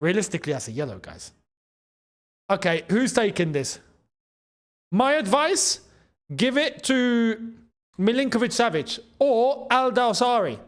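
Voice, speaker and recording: A young man with a London accent hosting a live football watchalong, chatting in slang and breaking into excited shouts at big chances. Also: very high voice, measured pace, pauses often. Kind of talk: live match watchalong commentary.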